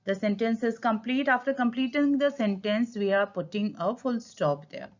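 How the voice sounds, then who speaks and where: A woman's voice: fairly high pitch, normal speed. A woman with an Indian English accent teaching a grammar lesson, stressing key words and slipping into Hindi to explain. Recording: dull lo-fi sound.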